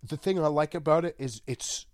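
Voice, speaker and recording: A young man co-hosting a podcast, throwing in quick crude one-liners. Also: fairly high pitch, dry recording. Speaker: podcast co-host. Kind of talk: crude casual chat.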